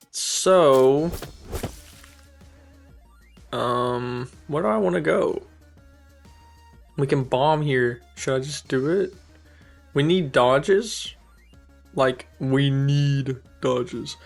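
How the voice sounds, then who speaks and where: A man's voice: mid-range voice, extremely slow, gravelly, long pauses, soft background music. A young man giving casual, upbeat commentary while playing a video game, thinking aloud and amused by his own plays. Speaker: gaming streamer. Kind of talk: casual let's-play commentary.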